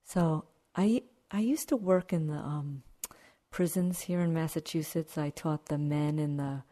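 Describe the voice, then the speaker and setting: A woman meditation teacher giving a dharma talk in a calm, reflective manner, with asides to the audience. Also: low-pitched, unhurried. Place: meditation retreat hall.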